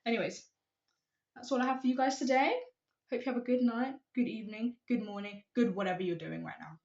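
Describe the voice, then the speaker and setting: A woman's voice: a little high, fairly even intonation, a little fast, a little mellow, roomy sound, lo-fi sound. Chatty young woman vlogging to camera. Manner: chatty, rambling, self-deprecating. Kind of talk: casual talking-to-camera advice.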